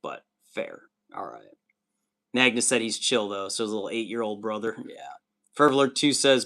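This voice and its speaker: A man's voice: lowish voice, normal speed, bright, forceful tone. A man hosting a livestream, chatting casually with viewers while building miniatures, rambling and swearing often. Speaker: livestream host.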